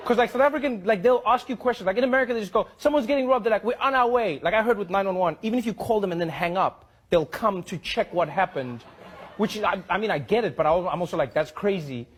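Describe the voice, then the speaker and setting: A man's voice: sits high, fast talker, husky. A man telling a comedic anecdote in a chatty way, full of filler words. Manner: chatty, lots of "like".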